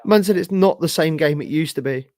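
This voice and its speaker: A young man hosting a live football reaction stream, casual and sweary, his voice hoarse from shouting. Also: fairly high pitch, a little fast, dry recording. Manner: casual, sweary, slangy, talks to chat. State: losing his voice. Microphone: streaming setup with camera.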